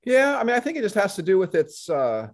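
A middle-aged man, a podcast guest, chatting casually and telling animated stories with acted-out quotes. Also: high voice, a little fast. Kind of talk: casual conversation.

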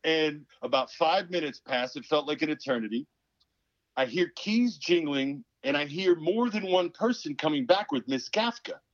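Speaking at normal speed in a slightly high voice, a man in his fifties who once played pro basketball guests on a podcast. He tells a story with animation, performing the voices of the people he quotes. There's no room sound; the audio is dull and dry.

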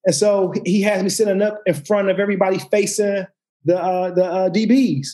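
A man's voice: high-pitched, fairly quick. A man, a former football player, telling stories in casual chat, acting out quotes and restarting his sentences often. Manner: animated, acts out quotes, lots of restarts and swearing. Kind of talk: casual storytelling.

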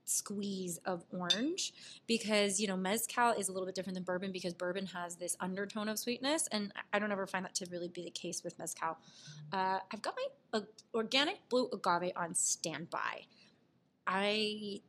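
A woman's voice: mid-range voice, normal speed, a bit bright, slight background noise. A woman co-hosting a podcast, casually explaining what she does as she mixes a cocktail. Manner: explains while mixing a drink. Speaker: podcast co-host. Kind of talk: casual chat.

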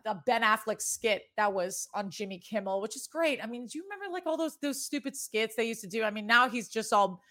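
A chatty woman in her thirties with a Boston accent that drifts toward New York, hosting a sports talk show. Her voice sits at an everyday pitch, and she rambles loosely and swears without a second thought. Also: fairly bright tone. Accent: Boston with a New York tinge. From New England. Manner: rambling, chatty, casually profane. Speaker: sports betting show host. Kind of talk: casual sports chat.

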